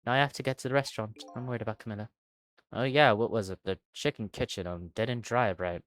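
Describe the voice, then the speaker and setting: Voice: medium pitch, quick pace. A streamer reading a game's dialogue aloud and joking and swearing between lines. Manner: reads characters' lines, then jokes and swears in between. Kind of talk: playing a game and voicing its dialogue aloud.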